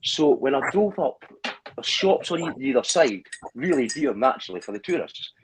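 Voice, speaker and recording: Lively Scottish man chatting over a phone. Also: mid-range voice, moderate pace, background noise. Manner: animated storyteller, laughs often. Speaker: livestream co-host. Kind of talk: casual chat.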